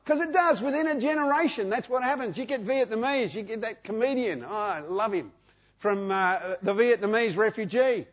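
A man's voice: high-pitched, lively intonation, moderate pace. A man in his sixties with an Australian accent, preaching a sermon emphatically, repeating phrases and asking the congregation questions. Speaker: pastor. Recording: dull lo-fi sound.

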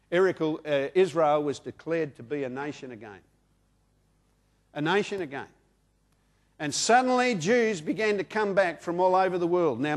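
An Australian man in his sixties preaching a sermon, repeating key phrases for emphasis and reading scripture aloud. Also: sits high. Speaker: pastor.

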